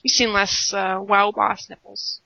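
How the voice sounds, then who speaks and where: A woman co-host with a bright, mid-pitched voice trades casual banter full of dry, teasing jokes. The recording is dry and lo-fi, with a dull, muffled edge. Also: little pitch movement, unhurried, creaky, dry recording. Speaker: podcast co-host. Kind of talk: casual chat. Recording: dull lo-fi phone-call audio.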